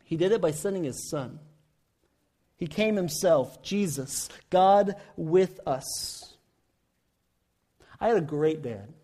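A man in his forties preaching a sermon, telling stories with impassioned rises and quiet falls. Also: a little high, expressive, slow pace, long pauses. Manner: impassioned storytelling, rising and falling intensity. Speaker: pastor.

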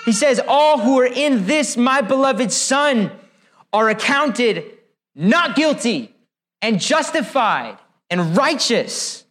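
High-voiced emphatic male preacher. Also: a bit bright. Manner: emphatic, deliberate preaching with rhetorical questions. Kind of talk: sermon.

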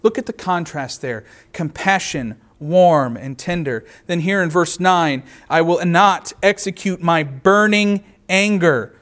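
A man preaching a sermon, reading scripture aloud and explaining it verse by verse, earnest and slowing down to stress key words. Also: high-pitched, fairly bright tone. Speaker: pastor.

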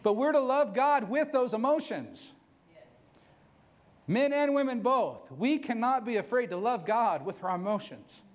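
A man's voice: very high voice, lively intonation, measured pace, lo-fi sound. A middle-aged man preaching a sermon, candid and self-mocking, laughing often. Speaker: pastor.

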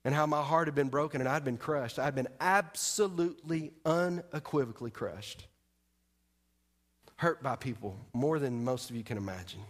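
A man's voice: medium pitch, moderate pace. A man preaching a sermon as pastor, telling a personal story with emphasis and speaking straight to the congregation.

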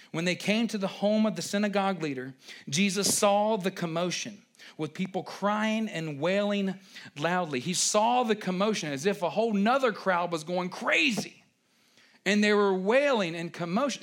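Animated man preaching a conversational sermon. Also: sits high.

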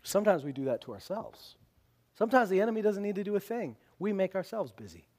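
A man preaching as a pastor in an earnest way, sometimes dropping to a hushed near-whisper. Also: sits high, very animated, fast. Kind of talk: sermon.

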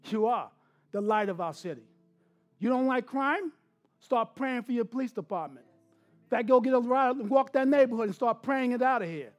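A man delivers a sermon from the pulpit in a strikingly high voice. He swings between hushed, intimate asides and loud, emphatic bursts. Faint music plays beneath him. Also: lively intonation, moderate pace. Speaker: pastor.

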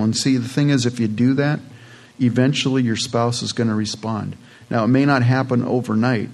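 A man's voice: mid-range voice, steady tone, fairly quick, darkish tone. A man preaching a sermon in a plain, conversational way, with casual asides to his congregation. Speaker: pastor.

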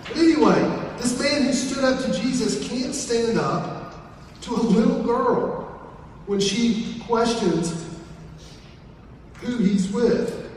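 Folksy Appalachian preacher in an echoey hall. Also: male voice, very high-pitched, slow, long pauses, a little mellow, far from the mic, slight background noise. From southern West Virginia. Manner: folksy, joking asides. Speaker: pastor. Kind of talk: sermon.

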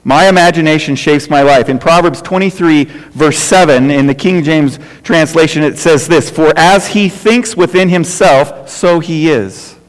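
Middle-aged male pastor, high-pitched, conversational sermon, repetitive and questioning, echoing sanctuary. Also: unhurried, few pauses. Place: church sanctuary. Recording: reverberant church hall.

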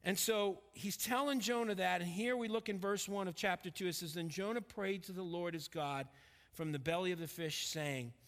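A middle-aged man preaching a sermon as pastor, emphatic and dropping to a quiet intensity when he tells a personal story. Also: sits high, steady tone, normal speed. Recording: long reverb of a hall.

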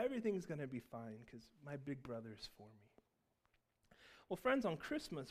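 A man preaching a Christmas sermon, telling a personal story and swinging between loud emphatic peaks and soft, low asides. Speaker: pastor.

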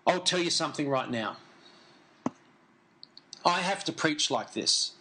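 A man's voice: on the high side, lively intonation, a little slow, bright, forceful tone, slight background noise, rough recording. A man preaching a sermon, earnest and emphatic, repeating key phrases and turning to the congregation with conversational asides.

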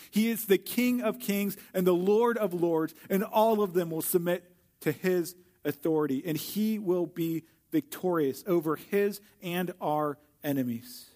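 High-voiced male pastor preaching. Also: darkish tone. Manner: earnest, with slow emphatic repetition. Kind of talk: sermon.

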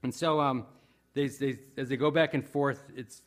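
A man preaching a sermon in a conversational, earnest way, often pausing with fillers and restarting his sentences. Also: mid-range voice, fairly even intonation. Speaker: pastor.

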